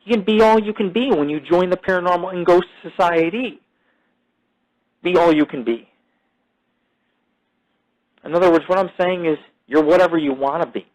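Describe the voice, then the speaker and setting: The recording is rough, and the host's voice sits high with a slightly mellow quality. Running his own show, he rambles casually, curses freely, strays off topic, builds up his own legend, and stumbles through restarts and repeated fillers.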